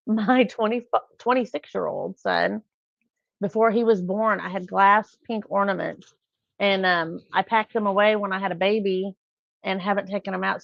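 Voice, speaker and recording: A middle-aged woman chats on a live stream, rambling from one anecdote to the next. Her voice carries a gravelly fry. The sound is dry and a little dull, with no room around it. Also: mid-range voice, no room sound. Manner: chatty, rambling, acts out quotes with laughs. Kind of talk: casual live-stream chat.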